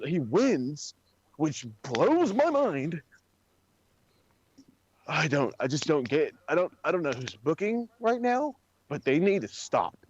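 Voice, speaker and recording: A man's voice: a little high, lo-fi sound. A man co-hosting a wrestling podcast in casual chat, ranting with lots of swearing. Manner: profane, ranting, animated.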